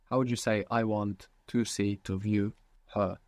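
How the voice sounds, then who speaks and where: Male teacher, low-pitched, patient questioning, dry close sound. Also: steady tone, measured pace, no echo. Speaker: language teacher. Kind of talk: guided language lesson.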